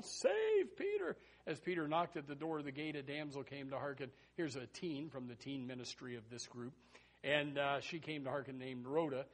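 A man preaching a sermon in a folksy, animated way, full of rhetorical questions and chuckling asides. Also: medium pitch.

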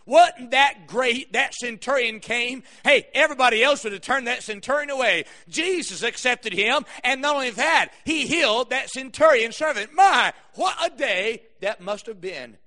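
Preacher doing excited disciples, high bright man's voice, eager chatter. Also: normal speed, hardly any pauses, full character voice. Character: excited adult male disciples chatting in a boat.

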